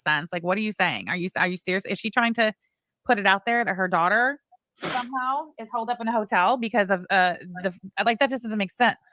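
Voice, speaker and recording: Quick, giggly woman co-host; rapid talk, crisp bright tone, dry sound. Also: mid-range voice, no room sound. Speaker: live stream co-host. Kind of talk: casual chat, reading super chats.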